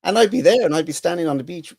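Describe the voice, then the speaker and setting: A man's voice: fairly high pitch, lively intonation, rapid-fire, a little mellow, slightly rough, no room sound. A middle-aged Irish man chatting as a podcast guest, rambling and self-interrupting with dry humour. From Ireland. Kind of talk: casual interview chat.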